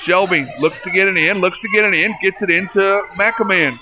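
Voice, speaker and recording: A man calling a local high school basketball game play by play, folksy and talking to listeners as folks, getting excited at big plays. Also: normal speed, very noisy. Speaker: play-by-play announcer.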